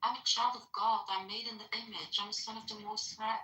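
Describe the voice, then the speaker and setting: A woman with a thick non-native European accent on a casual phone call, blunt and quick to exclaim. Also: mid-range voice. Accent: non-native English, European. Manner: excitable, blunt, exclaims often. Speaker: caller. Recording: echoey distant phone audio.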